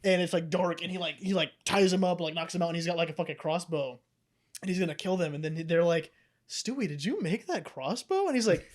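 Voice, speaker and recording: A young man co-hosting a casual podcast, retelling cartoon episodes with big animated energy. His voice sits a bit high for a man, and he breaks into laughter while swearing casually. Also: fast. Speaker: podcast co-host. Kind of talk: casual chat.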